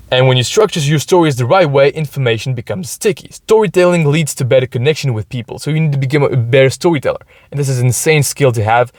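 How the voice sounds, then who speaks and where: A man's voice: fairly high pitch, no echo, studio quality. A man hosting a podcast, explaining things casually with many restarts, talking from inside a hot car. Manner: explaining, thinking aloud with restarts. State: overheated. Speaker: podcast host. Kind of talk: casual solo podcast talk.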